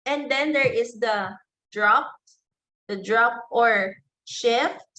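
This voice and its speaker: A woman with a Filipino English accent teaching an online class, slow and deliberate, saying example phrases aloud to show them. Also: on the high side, sharp tone, poor audio.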